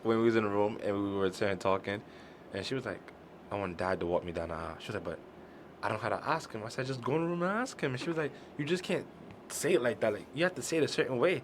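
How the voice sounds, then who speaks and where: A young man tells a story at a quick clip, in a slightly low voice. He retells it with animation, acting out what others said to him. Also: animated, slight background noise. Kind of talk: casual storytelling chat.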